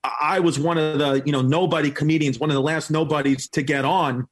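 A man guesting on a podcast tells a story briskly and with energy, laughing frequently. When he voices other people, his pitch jumps up, keeping the casual chat lively.

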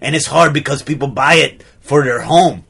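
A raspy, gravelly-voiced male artist with a put-on accent halfway between Austrian and French, as a man improvises him. He speaks in a flat, deadpan way with odd phrasing. The voice sits at an ordinary pitch for a man. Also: moderate pace, full character voice. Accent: fake Austrian-French affected accent. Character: absurd male toothpick artist with fake accent. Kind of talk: improvised comedy podcast character.

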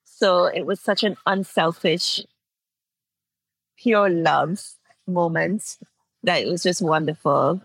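A woman in her forties from Antigua talks through her memories in an Antiguan accent, sincere and openly emotional, laughing as she goes. Her voice sits a little low. The sound is dry and close, with no room around it. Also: takes it slowly, long pauses, slightly rough, no echo, poor audio. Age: 40s. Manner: heartfelt storytelling, laughs often. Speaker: guest. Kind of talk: interview conversation.

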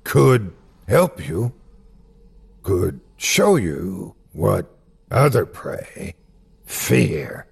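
Rasping, wheezing monster. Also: male voice, low voice, sing-song, voice pushed down, exaggerated voice. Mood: menacing taunt. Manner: slow halting clipped phrases, hissed. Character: monstrous male creature, hoarse, taunting, predatory. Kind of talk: audiobook horror character voice.

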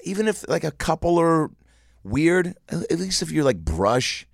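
A man's voice: on the high side, sing-song, unhurried, gravelly, no echo, clean studio sound. A young man hosting a casual podcast chat, joking and riffing in silly voices. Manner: jokey, riffs with silly put-on voices. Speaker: podcast host.

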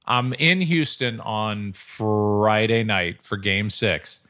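A man's voice: on the low side, takes it slowly, pushed and bright, no echo, studio quality. Middle-aged man telling rambling stories. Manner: rambling anecdotal storyteller. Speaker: podcast host and sports broadcaster. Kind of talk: casual chat.

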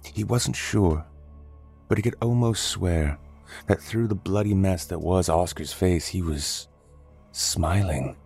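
Deep-voiced man narrating horror. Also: creaky, breathy edge, faint music behind. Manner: steady, deliberate, dramatic storytelling.

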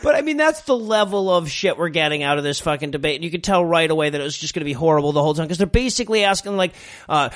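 Male co-host, high voice, profane sarcastic rambler. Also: expressive, rapid-fire, fairly bright tone. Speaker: podcast co-host. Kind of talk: casual comedic chat.

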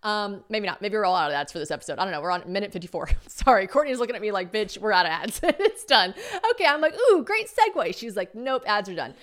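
A young adult woman hosting a solo podcast, telling stories in a chatty, animated way, acting out quoted dialogue and swearing casually. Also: medium pitch, fast talker. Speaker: podcast host.

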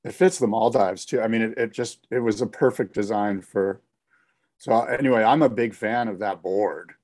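A man co-hosting a casual chat, talking in a relaxed, rambling way with plenty of fillers. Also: lowish voice, moderate pace.

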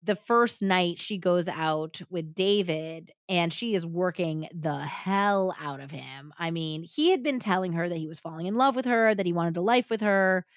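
A woman's voice: lowish voice, moderate pace, few pauses, dry recording, studio quality. A woman podcast host retelling a story in casual chat, acting out the quotes as she goes. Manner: animated retelling with acted-out quotes.

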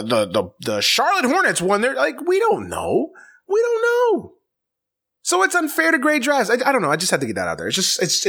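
A man rants on a sports talk show. He is exasperated and profane and keeps repeating himself. His pitch swings widely up and down as he talks. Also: a bit bright. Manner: exasperated, profane, repetitive ranting. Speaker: sports podcast host. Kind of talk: casual sports rant.

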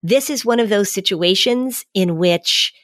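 A woman speaking as an expert guest on a podcast, giving measured advice and repeating key phrases to explain them. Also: mid-range voice, a bit bright, no room sound, studio quality.

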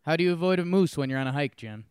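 Animated storytelling man, smooth voice. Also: on the high side, racing, no echo, studio quality. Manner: animated storyteller, acts out quotes, laughs often. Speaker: podcast co-host. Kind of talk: casual storytelling chat.

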